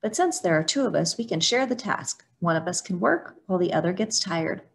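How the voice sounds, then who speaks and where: A woman voicing a sly, sleepy male turtle in a storybook reading, calm and drowsy. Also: on the low side, a little fast, vocal fry.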